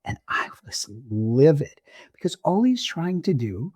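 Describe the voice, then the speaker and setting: A man co-hosting a podcast, telling stories in casual chat and jumping up in pitch when he gets excited. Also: a little slow, no room sound, clean studio sound. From Oregon. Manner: animated storyteller, pitch jumps when excited. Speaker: podcast co-host.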